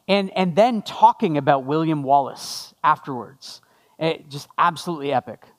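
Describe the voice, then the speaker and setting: High-voiced man preaching. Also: animated, moderate pace. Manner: conversational, jokey asides to the congregation. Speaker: pastor. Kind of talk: sermon with opening prayer.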